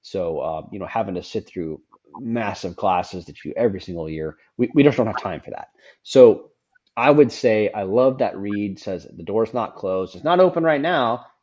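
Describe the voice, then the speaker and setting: A man's voice: fairly low pitch, animated, normal speed, darkish tone. A middle-aged man hosting a casual conversation, frank and rambling, often repeating words as he goes. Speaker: podcast host. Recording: dull lo-fi sound.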